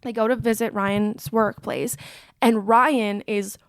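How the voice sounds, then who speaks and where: A woman's voice: a little high, fairly even intonation, slow, dry recording. A woman co-hosting a casual film recap podcast, retelling scenes with animation and acting out the characters' lines. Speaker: podcast co-host.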